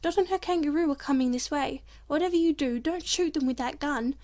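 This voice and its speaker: A woman voicing a small, excitable wagtail bird in a storybook audiobook, urgent and fussing. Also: high voice, fairly quick, natural voice.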